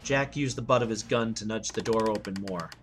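Man narrating over soft music. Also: on the low side, brisk. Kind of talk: scripted story narration.

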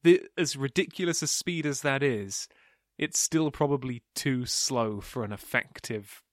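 A man talking in a casual podcast chat, animated and quick to laugh, throwing in the odd swear word. His voice sits at an ordinary middle pitch and comes across dry and close to the mic. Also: no room sound. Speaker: podcast co-host. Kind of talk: casual book discussion.

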